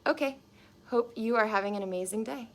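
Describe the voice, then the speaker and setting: A woman's voice: a little high, fairly quick. A young adult woman speaking live to viewers from her small home into a phone camera, in an earnest, chatty way full of likes and ums. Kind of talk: live-streamed casual talk to viewers.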